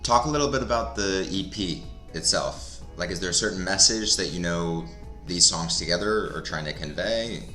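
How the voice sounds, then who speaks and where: A man's voice: low voice, normal speed, bright, forceful tone, soft background music. A man hosting a podcast, asking interview questions in a plain, curious way over a video call. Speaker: podcast host. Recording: roomy echoey audio.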